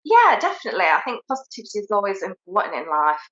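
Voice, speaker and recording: A cheerful, giggly British woman chats as a podcast guest, filling her sentences with little pauses. Her voice is bright and lively in tone. The sound is roomy and a bit dull, as if from a far-off lo-fi recording. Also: mid-range voice. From United Kingdom. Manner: cheerful and giggly, with many fillers. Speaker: interview guest. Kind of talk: casual interview chat.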